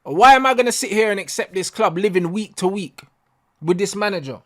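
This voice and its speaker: High-voiced ranting man with slang. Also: animated, fairly quick. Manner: ranting, heavy slang, repeats himself. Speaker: football fan channel host. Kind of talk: ranting post-match reaction.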